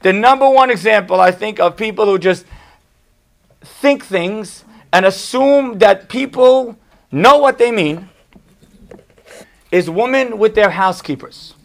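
High-pitched gravelly rabbi drilling a point. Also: male voice, a little slow, long pauses, a bit bright. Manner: emphatic, punchy repetition. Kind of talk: Torah class to a live audience.

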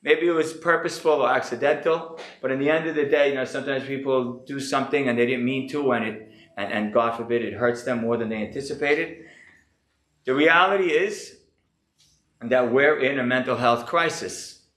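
Sick-voiced rabbi lecturing in an echoey room. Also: male voice, mid-range voice, normal speed, a bit bright. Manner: earnest, reflective, thinking aloud. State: sick, slightly hoarse. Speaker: rabbi teaching a class. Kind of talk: earnest lecture.

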